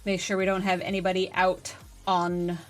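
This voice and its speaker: A woman game streamer chatting casually on a live stream, reading and answering chat with excitable energy. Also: fairly low pitch, normal speed, faint music behind.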